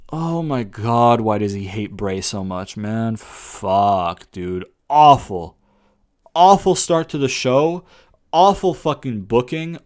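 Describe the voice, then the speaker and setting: A young man, a wrestling reviewer, rants casually through a heated, profanity-filled review at an ordinary middle pitch. He keeps throwing out rhetorical questions and calls the listener "brother."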